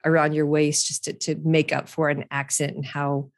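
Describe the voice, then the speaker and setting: Low-voiced woman podcast host, candid and chatty. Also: flat delivery, normal speed. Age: middle-aged. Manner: candid, chatty and profane, with frequent restarts and laughter. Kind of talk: casual solo podcast monologue.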